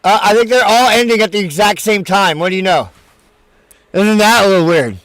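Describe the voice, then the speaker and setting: A man giving casual, mocking live-stream commentary, laughing often and breaking into loud outbursts. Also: sits high, brisk, dry recording.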